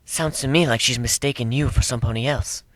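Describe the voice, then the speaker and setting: A man's voice: mid-range voice, fairly quick, dry recording, lightly acted. A man voicing a smug, sly female unicorn with a cackling manner.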